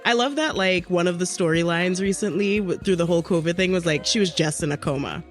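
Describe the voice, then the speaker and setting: A woman's voice: lowish voice, brisk, faint music behind. Sassy, foul-mouthed woman co-host. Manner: sassy, profane, playful. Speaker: podcast co-host. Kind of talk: casual chat.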